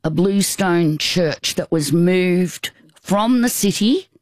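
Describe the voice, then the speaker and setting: A woman in her fifties, a guest telling a personal story in casual, halting, reflective chat. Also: fairly low pitch, expressive, darkish tone, dry recording.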